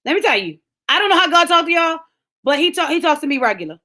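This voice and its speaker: A middle-aged woman giving a fervent sermon-style motivational talk, speaking plainly and straight to her listeners, at times rising to a shout. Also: extremely high pitch, very animated, fast. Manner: fervent preaching, talks straight to listeners by name. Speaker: speaker of a lunchtime empowerment talk.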